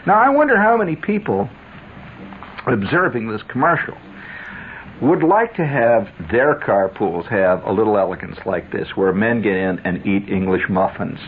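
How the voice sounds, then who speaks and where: A male radio host spins a sardonic storytelling monologue, his voice leaping up and down with lively inflection. His delivery is full of chuckling asides. The sound is narrow and tinny like an old radio broadcast, with a faint hiss underneath. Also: lowish voice.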